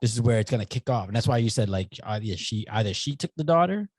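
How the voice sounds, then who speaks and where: A young man co-hosting a casual podcast, talking in a somewhat low voice that sounds dry and close to the mic. He rambles through animated stories and swears freely. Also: fast talker, slightly rough, dry recording. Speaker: podcast co-host. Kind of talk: casual chat.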